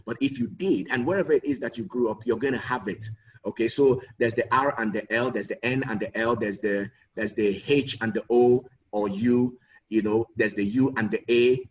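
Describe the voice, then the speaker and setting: An earnest man speaks as a guest speaker at a conference, his voice at an average pitch. He often circles back over his words while building a point. The sound is muffled and picked up from a distance over an online call. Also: fairly even intonation, normal speed. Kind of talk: conference talk.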